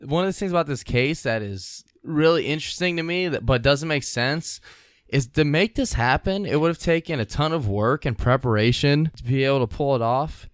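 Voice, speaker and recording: A man's voice: fairly high pitch, expressive, moderate pace, dry recording, studio quality. A young man hosting a casual podcast, laid-back, swearing a lot and laughing often. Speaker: podcast host. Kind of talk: casual chat.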